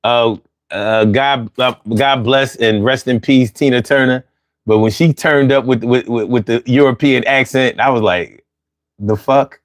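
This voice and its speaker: A man hosting a call-in talk show in AAVE, animated and joking with plenty of profanity. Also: mid-range voice, measured pace, no room sound, studio quality.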